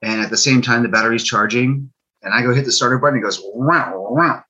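A man's voice: mid-range voice, fairly even intonation, fast, bright, forceful tone, highs cut off. A man casually telling a story about a fix, retelling it with quotes and fillers.

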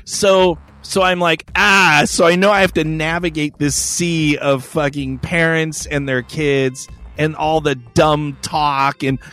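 A man's voice: a little high, fairly even intonation, takes it slowly, hardly any pauses, bright, forceful tone. A man with a slightly raised voice spins a long, swear-filled story for his podcast. He rambles and backtracks but stays wry, and faint music sits under his talk. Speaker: podcast host. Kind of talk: casual storytelling chat.

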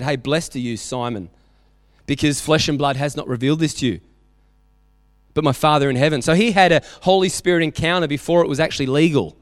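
Australian male pastor, lively sermon delivery, fairly high voice, long hall reverb. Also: clean studio sound. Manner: animated storytelling, acting out quotes. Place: church hall.

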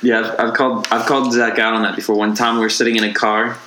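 A man's voice: fairly low pitch, level tone, quick pace. A young man in casual slangy chat, laughing often. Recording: echoey room, faint noise.

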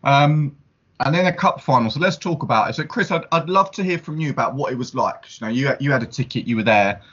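A man's voice: medium pitch, animated, quick pace, fairly bright tone, slightly rough, highs cut off. Easygoing man leading a fan podcast. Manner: easygoing, steering the talk. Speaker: podcast host. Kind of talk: casual chat.

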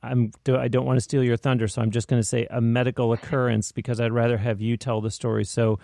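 Dark-voiced male podcast host. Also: mid-range voice, flat delivery, quick pace, vocal fry, no echo, clean studio sound. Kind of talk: interview questions.

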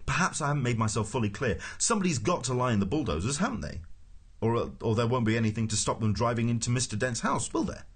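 A breezy, persuasive young schemer in a storybook reading, talking his way through with easy confidence. His voice sits a bit above the narration, with a lively lilt and a slightly husky edge, as a male reader puts him on. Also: medium pitch, fast talker, pitched above the performer's own voice. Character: brisk, smooth-talking, scheming young man.

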